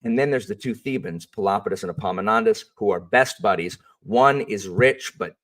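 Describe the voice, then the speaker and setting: A man who works as a history teacher, telling a story in a casual, animated and rambling way, full of fillers. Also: fairly low pitch, fairly quick, far from the mic.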